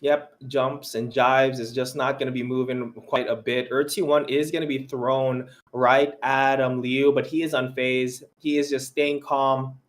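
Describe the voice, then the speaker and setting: A man's voice: mid-range voice, measured pace, few pauses. Young male caster, upbeat game commentary, laughs easily, mid-range voice. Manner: excitable, laughs often, banters. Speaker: esports caster. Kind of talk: live esports commentary.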